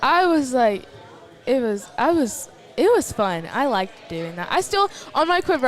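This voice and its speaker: A woman's voice: high-pitched, very animated, a little slow. A teenage girl with a Texan accent co-hosting a live archery stream, rambling through stories with giggles. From Texas. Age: teens. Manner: chatty, rambling storytelling with giggles. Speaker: livestream co-host. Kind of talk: casual live commentary chat.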